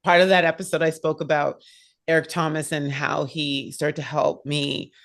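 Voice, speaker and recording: A woman hosting a podcast in casual chat, bubbly and laughing often, with quick bursts of talk. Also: deep voice, level tone. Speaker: podcast host.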